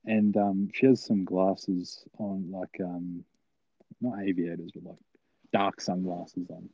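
A man's voice: low voice, little pitch movement, slow, warm tone, no echo, lo-fi sound. A young man telling a long story, rambling and swearing, full of fillers. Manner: rambling, profane, filler-heavy. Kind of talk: casual storytelling.

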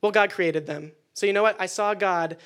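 A man preaching a casual youth sermon indoors to listeners, energetic and conversational with jokes. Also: sits high, moderate pace. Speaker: youth pastor. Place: indoor meeting room with listeners.

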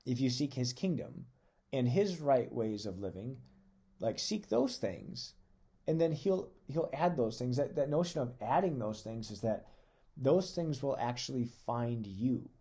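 Mellow-voiced man giving a conversational sermon. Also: mid-range voice, expressive, measured pace, breathy edge. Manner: earnest, reads scripture aloud with emphasis. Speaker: podcast preacher.

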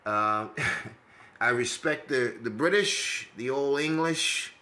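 A man's voice: mid-range voice, takes it slowly, pushed and bright, echoey room. A man with a New York accent hosting a casual podcast monologue, brash, rambling and profane. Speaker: podcast host.

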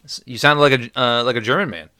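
A man's voice: mid-range voice, fast, bright, forceful tone, clear, resonant tone, no echo. A man co-hosting a movie podcast, chatting casually and mostly agreeing in short replies. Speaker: podcast co-host. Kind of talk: casual movie review chat.

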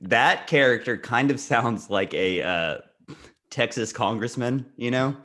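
A man co-hosting a comedy podcast, in casual, teasing banter and quick jokes. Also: mid-range voice, lively intonation, sharp tone. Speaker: podcast co-host.

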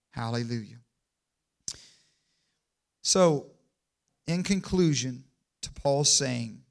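A man preaching a sermon in church, calling for amens and building from quiet to loud and emphatic. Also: on the high side, vocal fry. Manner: call-and-response, asks the congregation for amens.

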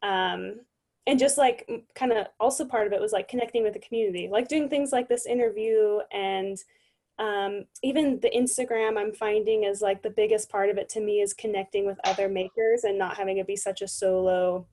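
A woman's voice: medium pitch, fairly even intonation, brisk, mellow. A young woman as a guest on a casual interview show, talking with many fillers.

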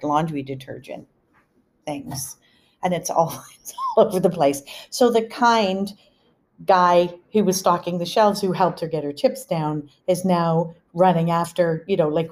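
A woman's voice: on the low side, darkish tone. A middle-aged woman hosting a podcast, telling family stories in a chatty, casual way and laughing now and then. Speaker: podcast host. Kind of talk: casual storytelling.

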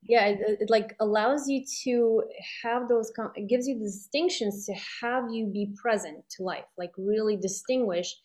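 A woman's voice: fairly high pitch, normal speed, a little mellow. A middle-aged woman in casual conversation, telling a personal story in a rambling, reflective way with many fillers. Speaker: guest sharing a personal story.

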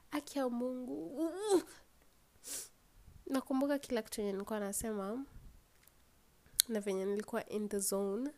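A woman's voice: on the high side, steady tone, brisk, long pauses, warm tone. A tired young woman with a Kenyan accent hosts a casual solo podcast, rambling, yawning and swearing freely as she switches between English and Swahili. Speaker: podcast host.

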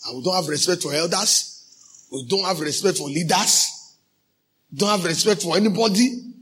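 A male pastor with a Nigerian accent preaching a sermon, slipping into pidgin phrases and breaking into shouted emphasis. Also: high-pitched, normal speed, slight background noise.

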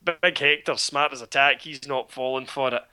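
Scottish man, sharp bright tone, sardonic, casual film chat. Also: mid-range voice, moderate pace, smooth. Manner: sardonic, swearing, animated storytelling.

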